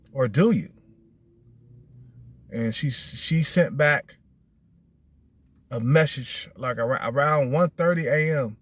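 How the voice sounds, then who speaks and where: A middle-aged man vlogger delivers a casual, blunt monologue, swearing often and repeating "you know what I'm saying." He turns animated, his voice climbing high when he quotes texts and retells what others said.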